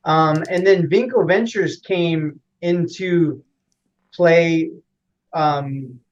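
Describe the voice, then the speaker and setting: Male interview guest, slightly high voice, rambling with fillers, lo-fi audio. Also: extremely slow, slight background noise. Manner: rambling, many fillers and restarts. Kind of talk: casual explanatory interview.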